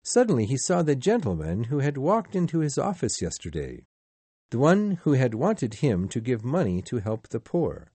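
Slow, husky storybook narrator, a man. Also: medium pitch, no echo. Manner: addresses the reader directly, expressive.

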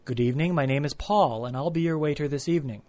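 A man's voice: a little high, quick pace, a little mellow, lightly acted. A man doing a relentlessly polite young waiter. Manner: unflappably polite, rattling off options.

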